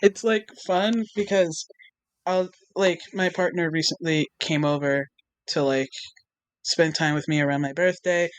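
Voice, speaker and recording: A young adult guest talks through personal stories in a casual interview, animated and quick to act out old reactions. The pitch sits in a middle range. It sounds close and dry, with no room around it. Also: no echo, poor audio. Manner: animated storytelling, acts out own past reactions.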